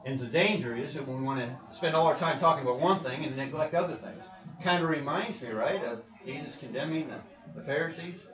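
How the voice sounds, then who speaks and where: A man's voice: a little high, fairly quick. A man preaching in a conversational Bible class, asking the group questions and laughing often. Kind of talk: interactive Bible class teaching. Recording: roomy, distant, muffled room recording.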